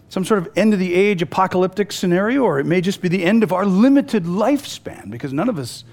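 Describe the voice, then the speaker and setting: 高めの声で抑揚豊かに語る男性説教者。くだけた語り口で、言い直しを交えながら話す。. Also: male voice, sits high. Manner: conversational and animated, with frequent restarts and storytelling. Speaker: preacher. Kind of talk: sermon.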